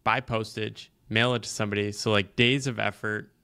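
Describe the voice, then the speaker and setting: Man, author guest, casual podcast talk, gravelly, low, dry close sound, reflective. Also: fairly even intonation, moderate pace, pushed and bright, dry recording. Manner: reflective storyteller, explains ideas at length.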